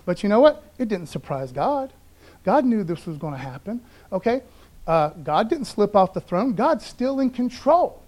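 Here the pastor's high voice has a sing-song, somewhat dark quality at normal speed. He gives a streamed Sunday sermon in a casual, conversational way, repeatedly saying "okay, guys," and reading scripture aloud while stumbling over the names.

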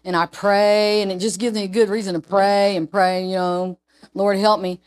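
A woman's voice: mid-range voice, little pitch movement, moderate pace. A woman giving an informal sermon full of personal testimony, chatty and repeating herself with frequent restarts. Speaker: lay preacher.

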